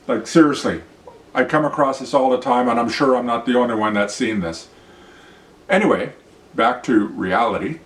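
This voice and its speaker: Man, blunt ranting delivery, profane, distant mic, echoey room. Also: medium pitch. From Canada. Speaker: show host. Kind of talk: opinion vlog monologue and demonstration. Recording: roomy sound, mic at a distance.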